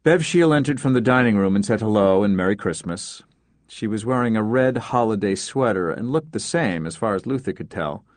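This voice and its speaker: A man narrates a story in a measured, understated audiobook reading. His voice sits low. The recording is dry and close, with no room sound. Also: animated, no echo.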